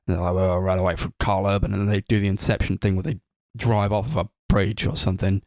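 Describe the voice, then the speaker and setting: A man co-hosting a casual film review chat, retelling scenes in an animated way and acting out the characters' lines. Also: low-pitched, fast, no room sound, studio quality. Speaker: film podcast co-host.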